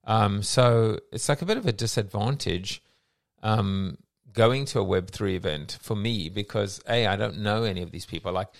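A man hosts a relaxed online chat, musing aloud in a rambling way. His voice sits low with a gravelly, creaky texture. The sound is dry and close. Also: moderate pace, dry recording. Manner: rambling and reflective, many fillers. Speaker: host of a daily online audio coffee chat. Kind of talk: casual chat.

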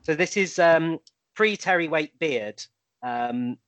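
A man's voice: fairly high pitch, slow, fairly bright tone, dry recording. A man telling anecdotes in a casual podcast chat, with plenty of ums. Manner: storytelling, full of ums.

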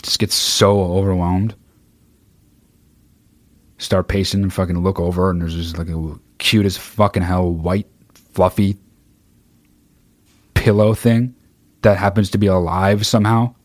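A man's voice: low voice, flat delivery, a little slow, long pauses, no room sound. Profane ranting man, dry close sound. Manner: heated, swears constantly, bursts of shouting. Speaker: livestreamer reading chat. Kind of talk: profane livestream rant.

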